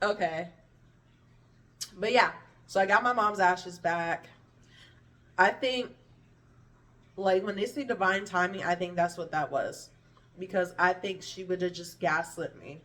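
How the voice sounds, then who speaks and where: A woman vlogger telling a painful personal story in a candid, blunt and animated way, swearing freely and acting out what others said. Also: fairly low pitch, unhurried, pauses often, far from the mic. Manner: blunt, profane and animated, with vivid impressions of others.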